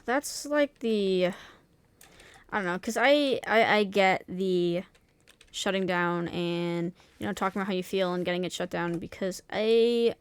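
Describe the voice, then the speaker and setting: A woman's voice: mid-range voice, a little slow, smooth, no room sound. A young woman streamer in casual chat, talking candidly and swearing freely, with many restarts and fillers.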